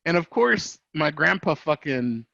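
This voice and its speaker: Man podcast host, lively storyteller, bright gravelly voice, dull dry recording. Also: fairly high pitch, a little slow, no echo. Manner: profane, laughing, mixes in Spanish phrases. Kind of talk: casual storytelling chat.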